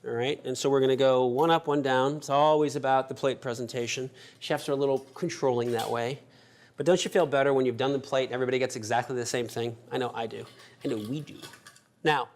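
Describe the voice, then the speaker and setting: A man's voice: mid-range voice, steady tone, fast. A man hosting a cooking show as the chef, chatty and upbeat, talking viewers through each step in a kitchen. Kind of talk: cooking demonstration.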